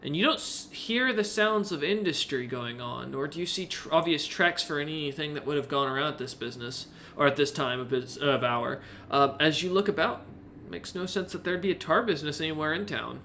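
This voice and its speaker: A man's voice: fairly high pitch, fairly quick, few pauses, sharp tone, slight background noise. A man narrating as game master of a tabletop game, rambling with many fillers and self-corrections.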